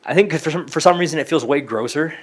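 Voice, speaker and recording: A young man co-hosting a podcast, telling stories in a casual, animated way with swearing and quick voiced asides. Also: fairly high pitch. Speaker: podcast co-host. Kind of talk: casual chat.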